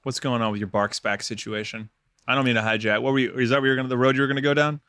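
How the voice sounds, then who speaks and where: A man's voice: mid-range voice, fairly even intonation, pushed and bright, no room sound, studio quality. A man co-hosting a casual finance podcast, explaining taxes in an easygoing, joking way. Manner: joking, easygoing, quick asides. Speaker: podcast co-host, tax advisor.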